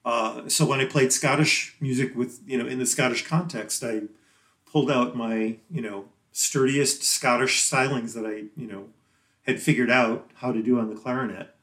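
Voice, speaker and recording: A man talking as a guest musician in a casual interview, rambling and chatty and quick to laugh. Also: mid-range voice, fairly even intonation, a bit bright. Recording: roomy echo.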